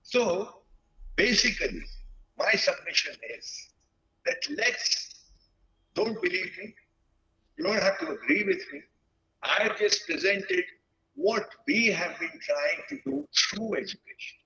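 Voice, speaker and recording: A man in his sixties speaks slowly and earnestly, often stopping mid-thought. His voice sits high and bright and rises and falls a lot. The sound is dull and lo-fi, like webinar audio. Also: sing-song, vocal fry. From India. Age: 60s. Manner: reflective, earnest, pauses often mid-sentence. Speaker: guest speaker at a teachers' webinar. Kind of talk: lecture-style talk.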